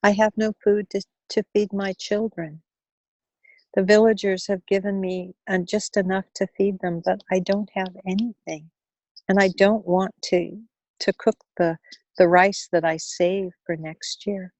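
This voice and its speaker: A woman voicing a poor grieving widowed mother who pleads in a halting, tearful way, in a spoken story. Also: medium pitch, little pitch movement, darkish tone, no room sound. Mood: desperate.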